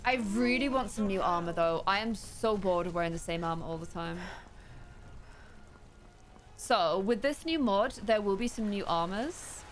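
A young woman streaming a game, chatting excitedly with her viewers while losing her voice. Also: mid-range voice, normal speed. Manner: chatty, excitable, talks to herself while playing. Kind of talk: casual gameplay chat with viewers.

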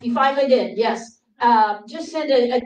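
A woman preacher giving a sermon full of personal stories, acting out her younger self in a raised, pleading voice and dropping to hushed tones for quiet moments. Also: on the high side, normal speed. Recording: roomy sound from a distant mic.

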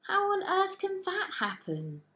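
A woman's voice: lively intonation, takes it slowly. A woman voicing young Mary, a girl who exclaims in disbelief in a children's Bible story. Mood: astonished. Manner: high, incredulous exclamations. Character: young girl Mary, amazed and wide-eyed.

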